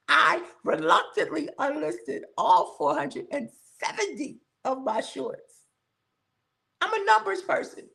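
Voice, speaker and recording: A woman's voice: high voice, creaky, a bit bright. A woman hosts a casual livestream, chatting with viewers, laughing often and drawing out her thank-yous. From southern United States. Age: 60s. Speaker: livestream host. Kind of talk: casual live chat greeting viewers.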